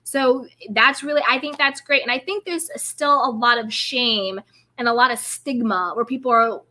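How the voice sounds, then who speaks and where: A woman's voice: a little high, normal speed, bright, forceful tone. A woman hosting a live stream as a self-care coach, talking in an encouraging, upbeat and affirming way. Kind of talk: casual live-stream talk.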